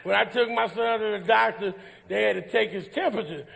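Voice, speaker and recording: A comedian on a live talk show, telling rowdy stories, laughing through his punchlines and shouting the quoted lines. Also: high-pitched, brisk, gravelly. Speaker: comedian guest. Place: ballroom stage before a live audience. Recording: echoey ballroom, long reverb.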